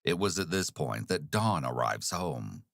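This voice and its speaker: A man hosting a podcast, reading a scripted true-crime narration in a steady, measured way. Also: rumbling low, vocal fry, noisy background.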